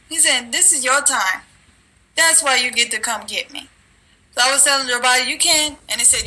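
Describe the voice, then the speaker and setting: A woman's voice: sits high, brisk, bright, forceful tone, low-quality recording. A woman telling a religious dream in a rambling, casual way, with restarts, and at times reading scripture aloud. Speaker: religious video maker.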